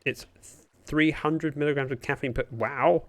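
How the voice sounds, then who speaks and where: A man's voice: a little high, steady tone, unhurried, no room sound. A man chatting casually on a game livestream at home, rambling and reacting to his viewers. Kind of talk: casual gaming livestream chat. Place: room at home by a window.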